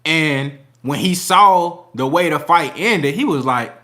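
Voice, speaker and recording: A man's voice: fairly high pitch, animated, takes it slowly, hardly any pauses, bright, forceful tone. A man hosting a casual boxing livestream, reading super chats with slangy, laughing banter.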